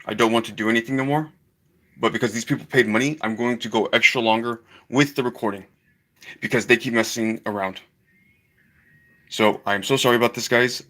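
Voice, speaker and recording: A man's voice: mid-range voice, fairly even intonation, a little fast, pushed and bright. A man live-streaming to his paid class, talking in an agitated way with lots of swearing and repeated apologies to his viewers. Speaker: livestreamer teaching a paid online class.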